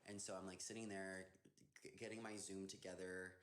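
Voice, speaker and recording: A man's voice: low-pitched, little pitch movement, moderate pace, fairly bright tone, slight background noise. A young man talking casually on a phone livestream, reading out fan questions and answering them in a chatty, effusive way with lots of "like.". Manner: chatty and effusive, with many fillers like "like". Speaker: dancer hosting a livestream.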